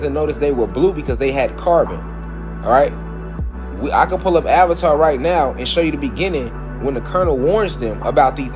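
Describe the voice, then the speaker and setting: A man giving a casual spiritual lecture, preaching to his listeners, repeating phrases and calling them family. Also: mid-range voice. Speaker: spiritual talk host.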